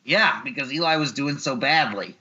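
Man, podcast co-host, sarcastic teasing, bright sharp voice, lively pitch, dull lo-fi audio. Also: normal speed. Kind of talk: casual chat.

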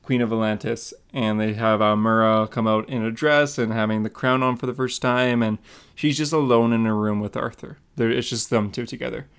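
A young man co-hosting a casual comic book podcast, recapping a story with quick acted-out quotes. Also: mid-range voice, steady tone, smooth. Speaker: podcast co-host.

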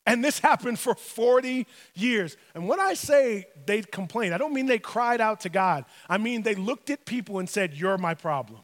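A male pastor preaching a sermon in an animated, humorous storytelling manner in a church. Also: extremely high pitch, normal speed, hardly any pauses. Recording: long hall reverb.

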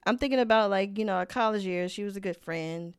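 A woman's voice: medium pitch, fast, clear, resonant tone, no echo, studio quality. A young woman co-hosting a casual podcast, talking hesitantly about a one-sided friendship, often trailing off and restarting. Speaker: podcast co-host. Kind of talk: casual advice chat.

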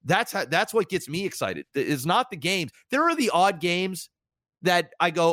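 A man's voice: moderate pace, no room sound, studio quality. Reflective man chatting on a podcast. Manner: candid, reflective, animated rises in pitch. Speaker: podcast co-host and streamer. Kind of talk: casual podcast chat.

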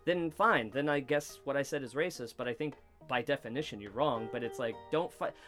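Over soft background music, a man with a mid-range voice talks briskly while hosting a casual comedy podcast recorded in a basement studio. It's loose chat: he rambles, swears a lot, and acts out small exchanges with lively quoting.

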